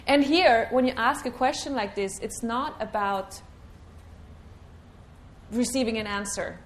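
A woman leading a live workshop, coaching with questions and sinking into a quiet low murmur for a repeated clearing chant. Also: a little slow. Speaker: workshop facilitator.

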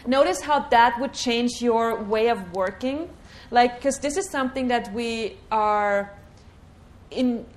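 A woman leading a live workshop, coaching with questions and sinking into a quiet low murmur for a repeated clearing chant. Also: slight background noise. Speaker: workshop facilitator.

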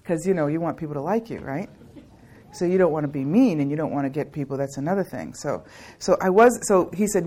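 A woman's voice: low voice, animated, fast talker, warm tone. A middle-aged woman who leads classes, giving a casual, rambling talk to a live audience and joking and laughing often. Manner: rambling, with many restarts and fillers. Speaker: class facilitator.

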